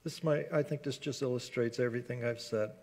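A man's voice: mid-range voice, fairly even intonation, a little fast, in a large hall. A man pastor preaching a sermon in earnest, acting out prayers and the voice of a bitter person. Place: church sanctuary.

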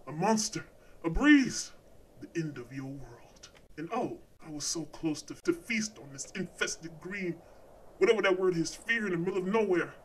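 A man voicing an ancient, hungry male snow deity in a horror game, speaking in a slow, gloating, theatrical way with whispered asides. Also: fairly high pitch, animated, slightly rough. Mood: menacing. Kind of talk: horror game villain monologue.

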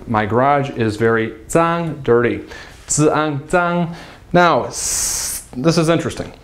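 Male Mandarin tutor, unhurried, exaggerated tone drills, light playful asides. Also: mid-range voice. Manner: slow, patient, repeats syllables with exaggerated tones. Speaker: Mandarin teacher. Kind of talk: video language lesson.

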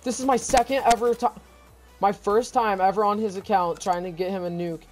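Stammering, excited male gaming commentator. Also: high-pitched, brisk, soft background music. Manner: breathless, stumbling over words in disbelief; keeps repeating exclamations. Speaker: gaming YouTuber.

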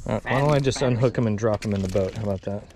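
A man's voice: fairly low pitch, very fast, noisy background. A man hosting his own fly fishing videos, talking in a casual, joking way and laughing often. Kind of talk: casual vlog narration and on-river banter.

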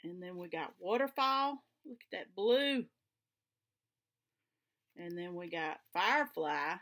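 A flosstube vlogger with a Southern US accent chats casually to the camera from her craft room at home, sounding homey and enthusiastic. Her lowish voice is animated, slow, and a little bright.

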